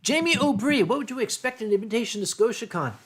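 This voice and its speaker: An older American man hosting a livestream, answering viewer chat in a rambling way with deadpan humor. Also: very high voice, quick pace. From United States. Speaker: livestream host.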